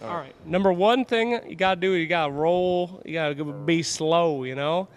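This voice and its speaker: A man's voice: fairly high pitch, moderate pace. A man interviewing players on site in a playful, teasing way, laughing often. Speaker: event interviewer.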